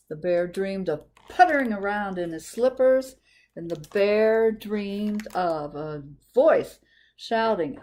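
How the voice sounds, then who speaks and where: Slow-paced woman reading a storybook. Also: mid-range voice. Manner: gentle, asks children questions. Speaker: children's librarian. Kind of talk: storytime read-aloud to children.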